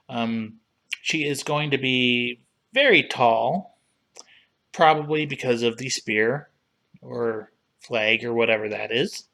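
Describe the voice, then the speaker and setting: Guy chatting slowly on a livestream, laid back, reading stuff off the screen as he goes. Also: medium pitch. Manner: relaxed, unhurried, talks while browsing and reading aloud. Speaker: livestream host reviewing collectible figures. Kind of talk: casual livestream commentary.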